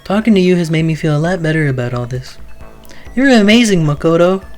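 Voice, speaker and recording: A streamer casually reading a visual novel aloud, often clearing their throat and commenting along the way. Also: medium pitch, fast talker, a little mellow, faint music behind.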